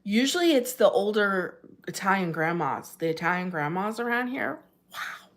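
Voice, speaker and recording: Here the New Jersey livestream host talks at normal speed in a medium-pitched, animated voice. Broadcasting casually from home, she reads comments, laughs frequently and pitches up when greeting people.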